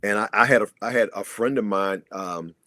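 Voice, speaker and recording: A man's voice: fairly low pitch, brisk, bright, forceful tone. An older man, a guest, telling his personal recovery story in an earnest, reflective way.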